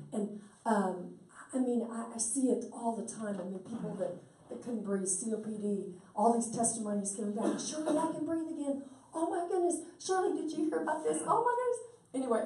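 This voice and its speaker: A woman's voice: medium pitch, mellow. Folksy woman, roomy distant sound. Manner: folksy, chatty, quotes people in dialogue. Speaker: speaker promoting stem cell treatment. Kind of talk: animated storytelling talk.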